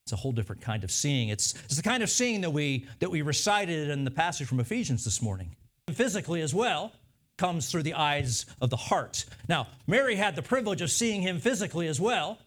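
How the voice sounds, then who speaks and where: A man's voice: fairly high pitch, very animated, a little fast, fairly bright tone. A male pastor preaching a sermon in an earnest manner, often repeating phrases for emphasis.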